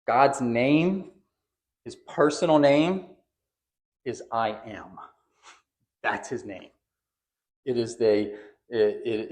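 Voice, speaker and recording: A man preaching from a church pulpit, his voice sitting at an ordinary middle pitch. He talks to the congregation in a conversational way, then presses each point by repeating it for emphasis. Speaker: pastor. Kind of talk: sermon. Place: church sanctuary.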